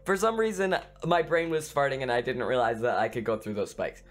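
A man giving excitable let's play commentary on a video game, screaming and making silly sound effects. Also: mid-range voice, brisk. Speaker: gaming YouTuber.

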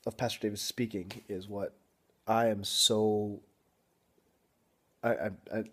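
A young man talking straight to camera in a casual vlog, frustrated and apologetic, halting with many ums and restarts. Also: lowish voice, little pitch movement, a bit bright, breathy edge. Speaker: vlogger.

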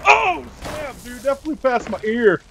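A man's voice: extremely high pitch, sing-song, measured pace, noisy background. A man playing a game with his wife, chatting casually, goofy and teasing and laughing often. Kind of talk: casual gameplay chat.

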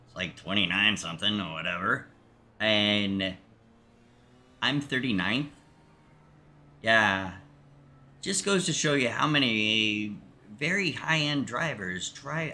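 A man streaming a racing game, chatting casually with halting, rambling restarts and a joking manner. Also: fairly low pitch, animated, pushed and bright, slight background noise. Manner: jokey, talks to himself and chat. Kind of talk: casual gameplay commentary.

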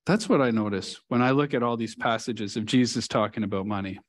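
A man's voice: mid-range voice, brisk. A male pastor preaching a sermon in a church, telling a story earnestly and leaning hard on key words. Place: church sanctuary.

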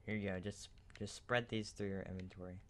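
A man hosting a let's play, chatting casually while building in a game, quick to direct and redirect his partner. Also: on the low side, steady tone, heavy background noise. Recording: keyboard clicks loud behind voice. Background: keyboard clicking.

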